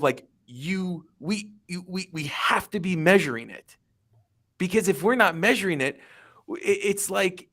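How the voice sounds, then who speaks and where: A man with a slightly raised voice speaks on an industry panel. He is emphatic and pushes each point with lively comparisons. His tone stays conversational but insistent. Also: sits high. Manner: emphatic, builds points with vivid analogies. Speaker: panelist, restaurant tech executive. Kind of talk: panel discussion.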